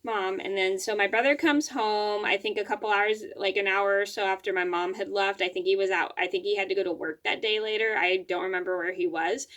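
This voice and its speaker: A woman's voice: mid-range voice, fairly even intonation, a little fast, few pauses, a bit bright. A woman vlogger telling a personal story to camera at home, rambling, with frequent restarts and fillers.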